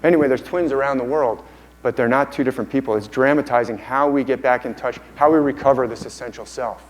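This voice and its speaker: Male conference speaker, mid-pitched, enthusiastic, quick to rephrase. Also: poor audio. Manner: enthusiastic, repeats and restarts phrases. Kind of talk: conference lecture. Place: conference hall.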